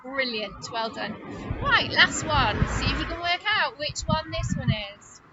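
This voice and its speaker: A woman teacher leads a phonics lesson for small children in a high, bouncy voice that swoops up and down. She speaks slowly and draws out her words in a sing-song, encouraging way. The recording is dull and lo-fi, with clear background noise. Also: expressive, over a noisy crowd.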